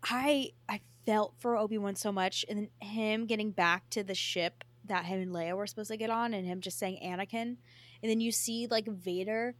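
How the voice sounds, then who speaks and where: A woman co-hosting a podcast in casual chat, excited and full of "like" fillers and swearing. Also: mid-range voice, normal speed, no room sound. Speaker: podcast co-host.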